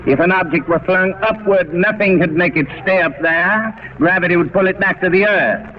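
A man voicing a loud, scornful male skeptic in a sermon story. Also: sits high, moderate pace, lightly acted. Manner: loud, vehement. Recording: dull, faintly hissy old radio recording.

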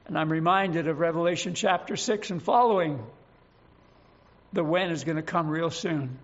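A man preaching a sermon, earnest and emphatic, slowing down to stress scripture verses. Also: a little high, lo-fi sound.

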